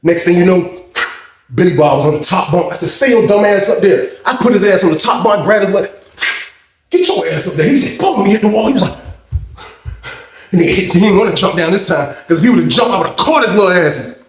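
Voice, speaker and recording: A young man telling a jail story in an excitable, profane way, acting out the voices and shouting now and then. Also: sits high, quick pace, echoey room, slight background noise.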